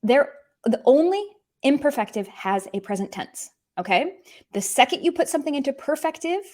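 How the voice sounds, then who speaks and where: A young woman teaching a language lesson online, explaining with lively emphasis and slowly spelling out example words. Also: high voice.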